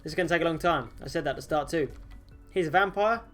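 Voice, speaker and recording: A man's voice: on the high side, quick pace, a bit bright, soft background music. A man streaming a game live, chatting casually with viewers in silly, jokey banter and laughing often. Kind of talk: casual live-stream chat while gaming.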